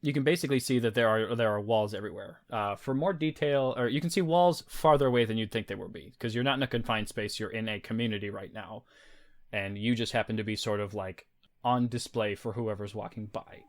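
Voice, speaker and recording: A man's voice: lowish voice, a little fast. A man acting as game master, narrating a tabletop game with descriptive, teasing narration.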